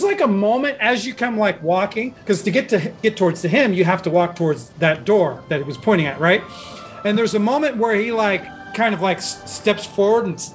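A man with a high voice runs a tabletop game, narrating the scene in a loose, rambling way full of ums and restarts. Faint music plays behind him. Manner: rambling, many fillers and restarts. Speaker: game master.

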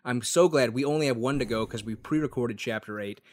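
A man's voice: medium pitch, brisk, darkish tone, no echo, studio quality. A man co-hosting a podcast book review in casual chat, sarcastic, laughing often and swearing freely. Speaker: podcast co-host.

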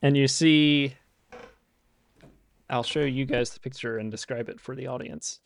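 A man narrating a tabletop game as game master, in a relaxed, halting way with fillers. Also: mid-range voice, gravelly.

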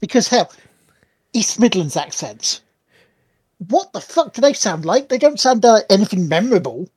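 A man's voice: high-pitched, big pitch swings, normal speed, slightly rough, no echo. Blunt man, dry close sound. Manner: blunt, swearing, wry. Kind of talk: casual chat.

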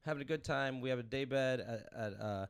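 A man in his thirties from Los Angeles, a comedian hosting a podcast, telling a rambling story with animated energy and laughing as he goes. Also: mid-range voice, a little fast, creaky, clean tone. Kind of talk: casual storytelling chat.

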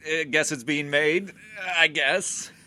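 Bright-voiced man recapping a movie. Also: on the high side, steady tone. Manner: recaps the plot with wry asides and quick character voices. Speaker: podcast co-host. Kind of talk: casual movie-review chat.

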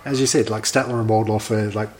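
A man's voice: fairly low pitch, steady tone, fast talker, a little hiss or hum. A man co-hosting a podcast, chatting in an easygoing way and recounting scenes with amused asides. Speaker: podcast co-host reviewing a film. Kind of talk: casual conversational review.

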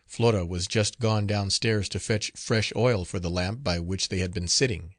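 A man narrating a gothic novel as an audiobook, reading in a measured, solemn manner. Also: fairly low pitch, no room sound, studio quality.

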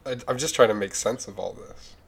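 A man's voice: fairly low pitch, fairly quick, creaky, slight background noise. Hesitant man in a comedy chat. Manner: hesitant, stammering.

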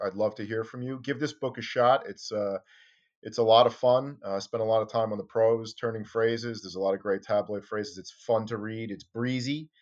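A man in conversation, recounting a story with lively energy and throwing his voice up high whenever he quotes someone. His audio sounds a bit dull and lo-fi, like a remote call. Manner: animated, acts out quotes with sharp jumps in pitch. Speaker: interview guest, former tabloid reporter.

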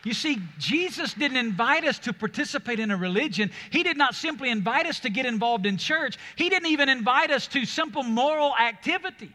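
A man preaches a sermon in a big church hall, and his voice carries with a long reverb. His voice sits high and sounds bright and forceful. He drives home key words with emphatic stresses. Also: animated, fairly quick, hardly any pauses. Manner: preaching with emphatic, rising delivery. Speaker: pastor.

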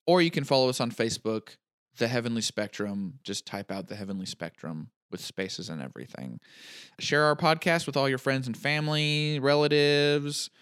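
A man's voice: mid-range voice, lively intonation, normal speed, fairly bright tone, clean tone, dry recording. A man hosting a podcast, chatting casually and joking through his plugs. His voice moves up and down a lot, recorded close and dry with no room around it. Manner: joking, playful delivery of plugs. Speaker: podcast host. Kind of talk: casual chat.

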